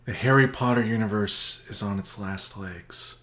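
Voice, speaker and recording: A man co-hosting a comedy podcast, telling a story in a mock-grandiose, deadpan way. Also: fairly low pitch, normal speed. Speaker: podcast co-host. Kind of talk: casual comedy chat.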